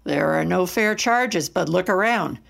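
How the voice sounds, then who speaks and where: A woman's voice: lowish voice, animated, measured pace, creaky, a bit bright, full character voice. A woman voicing a male Roman soldier who gossips in a matter-of-fact tone. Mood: gossiping.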